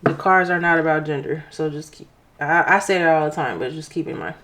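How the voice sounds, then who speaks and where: Excitable woman doing a tarot reading. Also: low voice, brisk. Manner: expressive, excitable, exclaims often. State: emotional, near tears. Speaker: tarot reader. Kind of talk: casual tarot reading to viewers.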